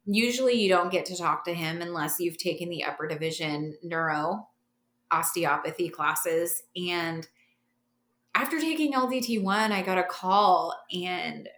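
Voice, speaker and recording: Podcast guest, woman, lower register, lively storyteller, echoey room. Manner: animated, laughing, acts out quoted voices. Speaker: podcast guest, massage therapist. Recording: roomy echo.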